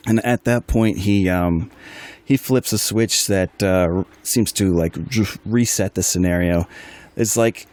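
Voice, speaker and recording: A man's voice: low voice, unhurried, a little mellow. A man narrating as game master of a tabletop role-play in a rambling, chatty way. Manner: rambling, chatty, many fillers and asides.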